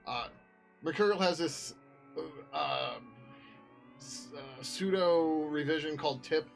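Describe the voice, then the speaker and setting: A man's voice: a little high, takes it slowly, creaky, soft background music. A man walking viewers through his code on a casual live stream, talking loosely, trailing off and restarting, and swearing now and then. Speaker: software developer streaming his work.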